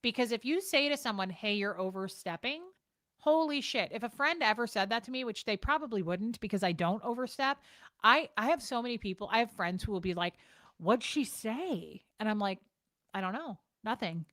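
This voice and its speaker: A woman's voice: fairly high pitch, lively intonation, a little fast, a bit bright, no echo, studio quality. A woman vlogger ranting frankly and with exasperation, swearing and repeating herself as she talks to the camera. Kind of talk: casual talking-to-camera rant.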